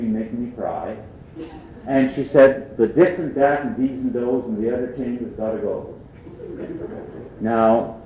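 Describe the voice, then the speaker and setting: A man from Prince Edward Island delivers a humorous storytelling lecture to an audience, adding wry asides in a lowish voice. The archive recording sounds distant, dull and roomy, with a little hiss or hum.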